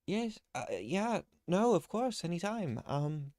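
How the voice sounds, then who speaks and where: A man's voice: high voice, sing-song, slow, a little mellow, no room sound, clean studio sound, pitched above the performer's own voice, heavily acted. A man doing a flustered, nervous young woman. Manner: apologetic, nervous, rambling. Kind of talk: tabletop role-play.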